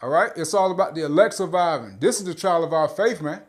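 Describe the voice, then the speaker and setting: A man preaching in a loose, street-style monologue, with a voice that sits a little high. His delivery is blunt and profane, broken by stammered filler sounds, and he keeps checking in with "all right?" and "man.". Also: lively intonation, fast talker.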